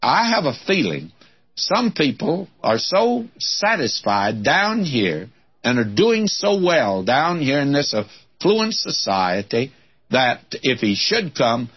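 A male preacher giving a sermon, telling a Bible story with expressive voices and quoting old-fashioned scripture. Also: medium pitch, slow pace, breathy edge, muffled recording.

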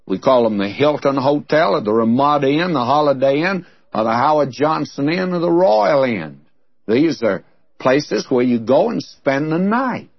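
A man's voice: mid-range voice, expressive, moderate pace, gravelly, slightly rough, dry recording. An older man preaching a sermon, telling stories and stressing key words. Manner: storytelling, emphatic on key words. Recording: muffled lo-fi sermon recording.

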